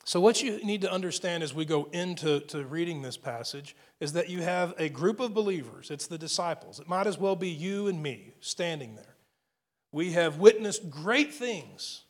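A man preaching a sermon, earnest and building his points, often repeating words as he goes. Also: sits high. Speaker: pastor.

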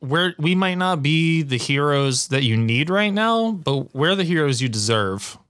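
A man riffing as a podcast co-host, loose and profane, with punchlines that jump up in pitch. His voice is recorded close and dry, with no room around it. He talks in casual, joking bursts. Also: unhurried, clean tone, no room sound. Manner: animated, profane, jokey. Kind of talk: casual chat.

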